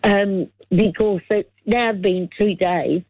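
A woman's voice: mid-range voice, slow pace, no echo. Hiccuping Australian woman on a phone line. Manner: excited, hesitant, many fillers and apologies. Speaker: radio caller. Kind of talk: phone-in chat.

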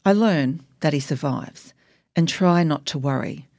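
A woman's voice: low-pitched, unhurried, a little mellow, no room sound. A woman narrating her memoir in a wry, emotionally charged audiobook reading.

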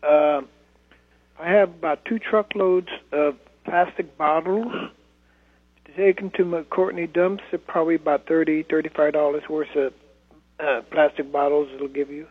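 A man's voice: fairly high pitch, fairly even intonation, a little slow, husky. A man calling in to a radio show, talking plainly and hesitantly with many fillers. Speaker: caller. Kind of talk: phone-in call. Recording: tinny phone line.

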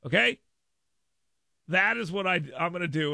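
High gravelly-voiced talk radio host. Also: male voice, very animated, normal speed, pushed and bright, no room sound, clean studio sound. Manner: emphatic, repetitive, riffing with listeners. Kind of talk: casual talk radio monologue.

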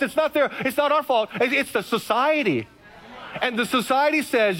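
A middle-aged pastor from Hawaii preaches to his congregation in a high, light man's voice. He tells stories from his own life with animated energy and acts out his past prayers as he goes. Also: normal speed. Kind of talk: sermon.

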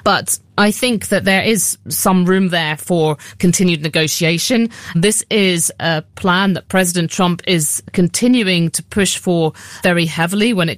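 Measured woman news correspondent. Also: on the low side, no echo, clean studio sound. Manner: measured, analytical, some fillers. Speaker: Middle East correspondent.

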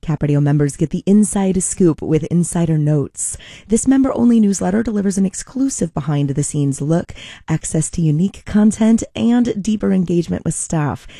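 A woman station announcer reading scripted promos in a smooth, friendly way. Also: lowish voice, normal speed, dark tone, no room sound, studio quality.

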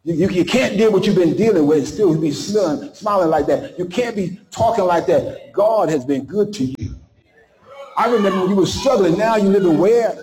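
A male preacher delivering a sermon with passion, dramatic pauses and acted-out voices. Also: sits high, expressive, darkish tone, echoey room.

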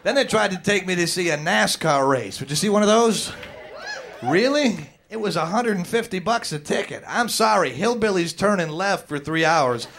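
A man's voice: high voice, animated, normal speed, creaky, fairly bright tone. A man doing a chatty stand-up set who quizzes the audience and acts out voices. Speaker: stand-up comedian.

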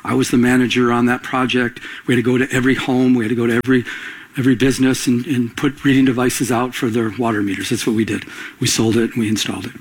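Husky-voiced preaching man. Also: mid-range voice, level tone, quick pace, rough recording. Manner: call-and-response preaching, rising emphatic. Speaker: pastor. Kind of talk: sermon.

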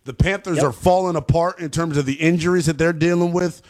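A man hosting a call-in sports radio show, brash and animated as he trash-talks teams with callers. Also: a little high, fast.

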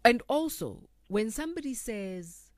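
A woman's voice: on the high side, a little slow, no room sound. A woman hosting a casual talk discussion, acting out quotes as she makes her points. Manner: animated, acts out quotes. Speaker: talk show host.

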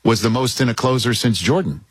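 A man's voice: medium pitch, fairly quick, breathy edge, no room sound. A man hosting a casual sports talk show, talking animatedly with many restarts and repeated words.

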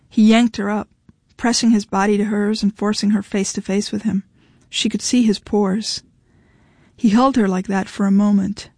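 A woman reading a novel aloud in measured storytelling narration. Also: medium pitch, flat delivery, darkish tone, no room sound, studio quality. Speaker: audiobook narrator. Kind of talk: scripted narration.

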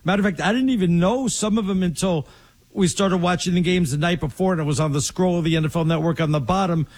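A husky-voiced man co-hosting casual sports talk. His pitch sits a little high for a man. He rambles, restarts often and pushes his opinions hard. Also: fast talker, a little mellow. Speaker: podcast co-host.

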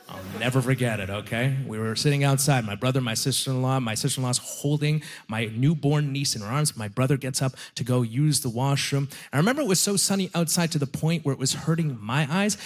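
A young man performing a stand-up comedy set, telling self-deprecating stories in a chatty, conversational way. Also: medium pitch. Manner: self-deprecating, conversational storytelling with quick asides. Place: comedy stage before a laughing audience.

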